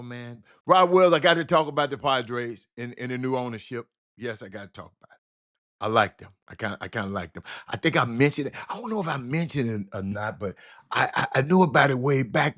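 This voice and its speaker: A man's voice: mid-range voice, fairly bright tone. A man hosting a casual sports call-in show, loose and rambling, repeating words and talking to listeners as y'all.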